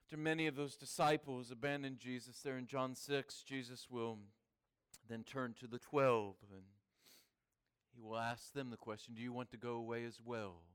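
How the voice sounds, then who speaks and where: A man preaching a sermon, swinging between hushed, quiet passages and emphatic, raised lines. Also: medium pitch, fairly even intonation, normal speed, clean tone. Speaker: pastor.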